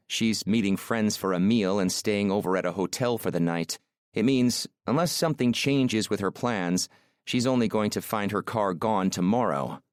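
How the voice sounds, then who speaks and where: Low-voiced male audiobook narrator. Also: no room sound, studio quality. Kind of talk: scripted first-person romance narration.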